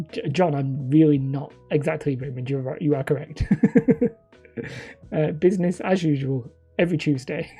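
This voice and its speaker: Woman streamer, low mellow voice, rambling self-deprecating chat to viewers, faint music underneath. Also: slightly rough. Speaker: livestream host. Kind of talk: casual livestream chat, reading viewer comments.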